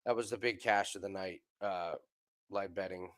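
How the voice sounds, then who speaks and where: A man co-hosting a live sports betting stream over a video call, chatty and quick to laugh. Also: low voice. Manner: laughs often, loose and excited. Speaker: co-host.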